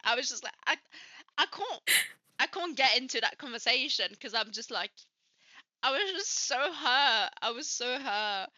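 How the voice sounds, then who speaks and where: A woman's voice: high-pitched, lively intonation, moderate pace, sharp tone, no room sound, dull audio. A woman from Switzerland with a light Swiss French accent, co-hosting a casual chat and swearing freely as she acts out the people in her stories. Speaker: podcast co-host.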